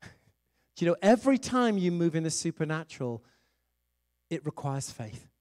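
Lively high-voiced male preacher. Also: normal speed. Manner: conversational storytelling with laughs. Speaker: evangelist and pastor. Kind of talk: sermon with personal story.

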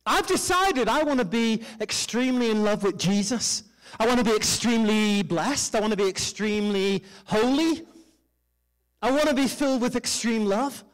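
A male pastor preaching with a fairly high, lifted voice. He calls out to the congregation, gets them to repeat lines back, and pokes fun at himself along the way. He carries the lively rhythm of a church sermon. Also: normal speed, clean tone. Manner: animated preaching with call-and-response and self-deprecating humor.

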